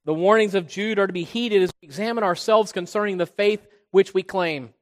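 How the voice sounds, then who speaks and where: High-voiced preacher in a reverberant hall. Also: male voice, brisk. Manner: preaching, swells loud on key points, drops low on quiet ones. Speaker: pastor. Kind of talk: sermon. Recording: long reverb of a large hall.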